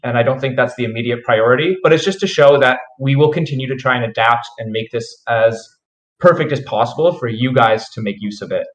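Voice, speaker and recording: A man with a nasal voice giving a measured, filler-laden governance report on a live community call. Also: mid-range voice, a bit bright, roomy sound, rough recording. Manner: measured, explanatory, with frequent fillers.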